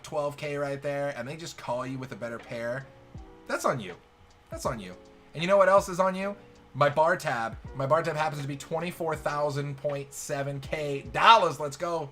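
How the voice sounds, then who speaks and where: A man calls poker hands live as the show's host, joking and excitable. His voice sits fairly high and swings from loud cheering to quiet, muttered asides. Music plays clearly behind him. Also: normal speed. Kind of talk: live poker hand commentary.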